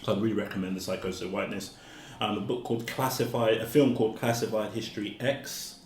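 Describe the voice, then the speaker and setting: Brief: low-pitched man, author guest, halting and filler-heavy, echoey room. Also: fairly even intonation, a little hiss or hum. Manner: hesitant, many fillers and repeated words. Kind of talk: casual conversation.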